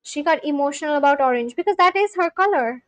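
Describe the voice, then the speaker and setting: A woman's voice: high-pitched, animated, fast, no echo. A young woman livestreamer chatting casually with viewers, talking back to chat with loose, filler-heavy speech. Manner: talks back to chat, scolding and reassuring.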